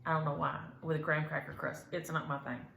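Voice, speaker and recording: A woman's voice: low-pitched, little pitch movement, fast, creaky, bright, forceful tone, echoey room, a little hiss or hum. A woman hosting a stitching vlog, rambling in a folksy way with many ums as she chats to viewers from home. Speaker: flosstube host. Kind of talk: casual chat to viewers. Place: room at home.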